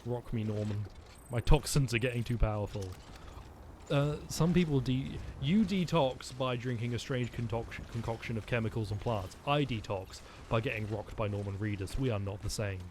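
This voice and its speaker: A man's voice: medium pitch, moderate pace, darkish tone, slight background noise. A man streaming a video game, rambling and joking with his chat as he plays. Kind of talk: let's-play commentary.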